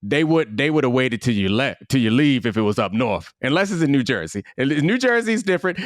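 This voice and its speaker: A man co-hosting a podcast, talking in a thoughtful, measured way and often hedging as he works through ideas. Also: medium pitch, sing-song, dry recording, clean studio sound. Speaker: podcast co-host. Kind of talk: casual sports and culture chat.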